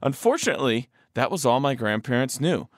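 A man's voice: mid-range voice, animated, fairly quick, dry recording, studio quality. A man co-hosting a podcast, chatting casually and reading listener letters aloud with playful, joking emphasis. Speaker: podcast co-host.

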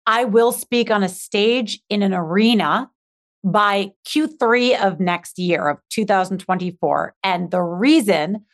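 A woman's voice: medium pitch, a little slow. A woman speaking as a guest on a podcast, an accountability coach who talks with energy and emphatic repetition. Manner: energetic, emphatic, repeats key words. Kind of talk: podcast interview.

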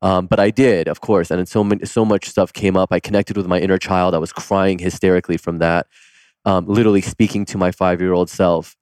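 A man's voice: sits low, steady tone, a little fast, darkish tone, smooth, no room sound. A man hosting a casual conversation, telling personal stories openly and laughing often. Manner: open, laughs often, storytelling. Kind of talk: casual chat.

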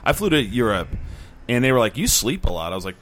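A man's voice: mid-range voice, sing-song, fast, a bit bright. A man co-hosting a podcast in casual chat, joking and slipping into silly voices. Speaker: podcast co-host.

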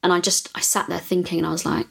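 A woman artist telling stories in a podcast interview, with an animated, laughing delivery that acts out the voices of the people she quotes. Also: on the low side, fast, vocal fry. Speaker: artist and guest.

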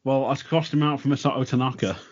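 A man, calmly running through his picks in casual podcast chat. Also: mid-range voice, fast. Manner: relaxed, listing picks with asides. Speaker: wrestling podcast panelist. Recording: lo-fi remote mic.

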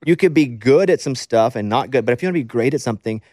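A man in his forties hosting a podcast, chiming in quickly and cracking jokes in casual chat. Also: medium pitch, lively intonation, darkish tone, dry recording, clean studio sound. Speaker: podcast host.

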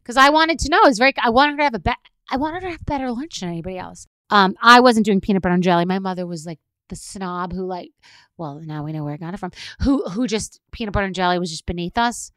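Chatty storytelling woman, bright and crisp. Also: mid-range voice, fast talker, no room sound, studio quality. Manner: chatty, animated, acts out quoted lines loudly. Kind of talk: casual storytelling.

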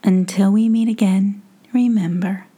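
A woman narrating a gentle bedtime story slowly and softly, often near a whisper. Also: mid-range voice, steady tone. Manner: soft, slow and breathy, often near a whisper. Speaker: storyteller and podcast host. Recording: faint guitar music behind.

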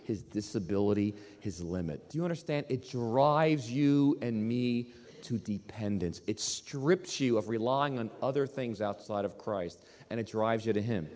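A male pastor preaching a sermon in an emphatic, animated way, often repeating his words. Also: fairly low pitch, a little slow, big-room sound.

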